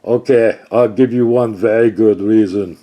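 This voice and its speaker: Bold adventurer, loud drawn-out bluffing, as a man puts him on, mellow low voice. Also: fairly even intonation, lightly acted. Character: bold male adventurer, blustering talker.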